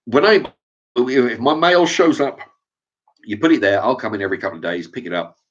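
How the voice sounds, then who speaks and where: A man's voice: medium pitch, brisk, a bit bright, breathy edge. A man ranting casually to camera as a vlogger, swearing often and stumbling over restarts. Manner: profane, rambling, with stammered restarts. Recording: dull lo-fi sound.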